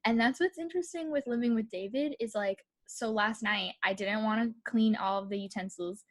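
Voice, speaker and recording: A woman's voice: on the high side, brisk. A young woman co-hosting a casual podcast, talking in a chatty way with lots of fillers and frequent laughs. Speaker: podcast co-host. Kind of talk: casual chat.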